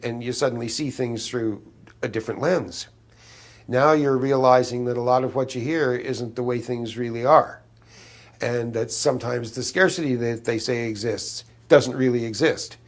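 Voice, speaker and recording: A man of seventy, an interview guest, recalling old secrets in a rambling way, with frequent restarts and fillers. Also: mid-range voice. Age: 70s. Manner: halting, many restarts and fillers, conspiratorial tone.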